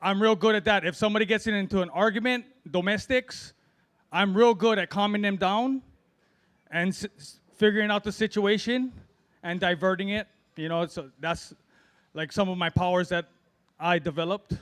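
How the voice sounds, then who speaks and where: High-pitched, smooth, and a bit bright at a moderate pace, this is a middle-aged Hawaiian man doing amateur stand-up at an open mic. The set is rambling and self-deprecating, delivered loosely with lots of fillers.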